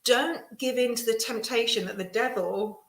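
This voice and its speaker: A woman giving a casual live tarot reading, reassuring and chatty with many pauses and restarts. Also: a little high, creaky, fairly bright tone. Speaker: tarot reader. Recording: echoey room.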